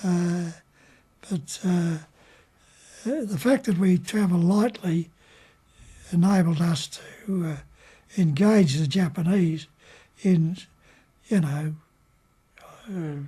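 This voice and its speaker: An older man with an Australian accent, remembering in an interview and talking in a halting way with many pauses and fillers. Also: sits high, warm tone, slightly rough. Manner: unhurried, halting, with frequent fillers. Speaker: war veteran interviewee. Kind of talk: reminiscing in an interview.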